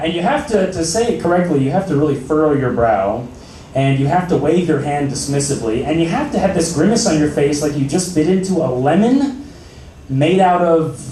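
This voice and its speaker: A young man doing a stand-up comedy set in a small cafe, with a deadpan, dry delivery broken by sudden loud outbursts. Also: fairly high pitch, a little hiss or hum. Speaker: stand-up comic. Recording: roomy, distant amateur recording.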